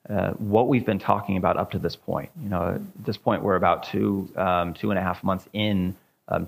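A man, a pastor, leading an informal church teaching and discussion, talking haltingly with many ums and repeated words. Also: low voice, creaky.

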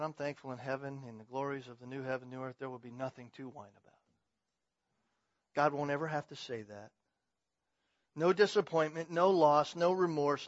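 A man's voice: on the high side, dry recording. Man preaching a sermon, dry dull sound. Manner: swings from loud, emphatic preaching to quiet, conversational asides. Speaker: pastor.

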